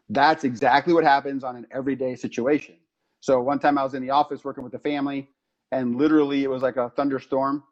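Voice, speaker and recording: A man on a podcast explaining anxiety in a casual, animated way, acting out little stories as he goes. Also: medium pitch, highs cut off. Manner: animated storytelling with acted-out quotes. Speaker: podcast co-host explaining psychology.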